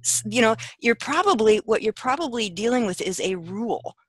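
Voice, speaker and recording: Parenting coach lady, really lively up and down voice, keeps saying right?, video call audio. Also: a little high, a little fast, breathy edge, dry recording. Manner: emphatic, keeps checking in with "right?". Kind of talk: coaching explanation in conversation.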